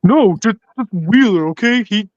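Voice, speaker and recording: High-voiced man with a dull dry sound. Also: animated, moderate pace, crowd noise. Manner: teasing, quizzical. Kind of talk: casual live stream chat.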